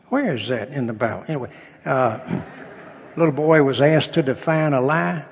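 A man's voice: mid-range voice, unhurried, long pauses, a little hiss or hum. An older man, a pastor, preaching a sermon in a folksy storytelling way, with humor and acted-out dialogue. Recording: long reverb of a hall.

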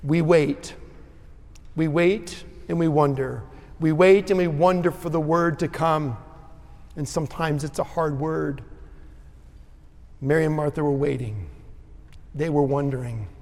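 A man preaching a sermon as pastor in a church sanctuary, his delivery swinging between ringing emphasis and hushed tenderness. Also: on the high side, measured pace, creaky, long pauses. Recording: long reverb of a large sanctuary.

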